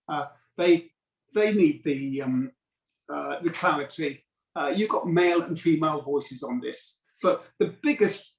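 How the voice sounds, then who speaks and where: A middle-aged man demonstrating a product on a video call, casual and rambling, with many fillers and restarts. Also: on the high side. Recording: roomy, distant video call audio.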